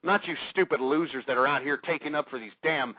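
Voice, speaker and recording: Angry talk radio host guy yelling insults at callers, highish voice, tinny phone-line sound. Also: fairly quick, dry recording. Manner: abrasive, insulting, shouting at callers. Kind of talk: aggressive talk radio rant. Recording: dry, tinny phone-like audio.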